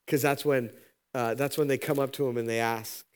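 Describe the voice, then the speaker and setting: A pastor giving a sermon, telling a parable and voicing its characters with sudden high-pitched lines. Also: male voice, moderate pace, smooth. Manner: animated, acts out parable characters with pitch jumps.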